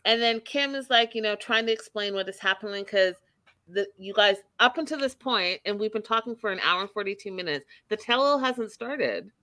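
A woman's voice: medium pitch, brisk, no room sound. A woman hosting a casual chat, animatedly recapping a reality show and acting out what people said. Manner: animated storyteller, acting out quotes with emphasis.

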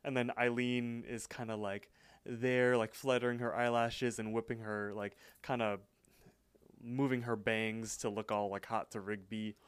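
A man co-hosting a podcast, casually recapping a cartoon episode in a relaxed, rambling way. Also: mid-range voice, unhurried, clear, resonant tone, no echo. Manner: relaxed storytelling with frequent fillers and laughs. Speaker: podcast co-host.

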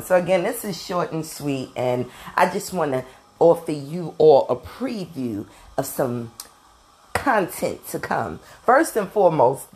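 A woman hosting a solo podcast, talking low and with animated swings of pitch. She is chatty and candid, throwing in slang while she airs her opinions. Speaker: podcast host. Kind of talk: casual solo podcast chat.

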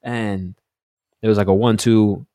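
Man from Delaware, casual storytelling, low pitch, dry close mic. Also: normal speed, no echo. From Delaware, United States. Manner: animated storyteller, acts out loud quotes. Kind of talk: casual chat.

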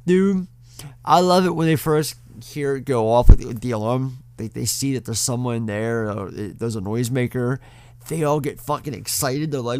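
A man's voice: mid-range voice, moderate pace, a little mellow, clean tone, dry recording. A man co-hosting a podcast, casually retelling a film scene by scene with plenty of swearing. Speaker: podcast co-host. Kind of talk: casual film-review chat.

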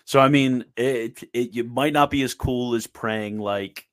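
A man in casual conversation, talking quickly with lots of restarts and easy laughter. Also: medium pitch, no echo, studio quality. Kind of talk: casual chat.

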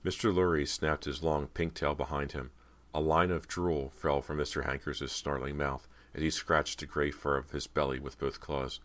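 A man narrating a horror audiobook at a steady storytelling pace. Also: a bass voice, moderate pace.

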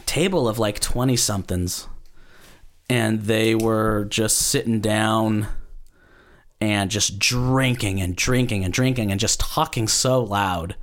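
A man's voice: fairly low pitch, slow. A man who does stand-up, telling a story in casual chat, laid-back and self-deprecating, chuckling often. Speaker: stand-up comedian, guest.

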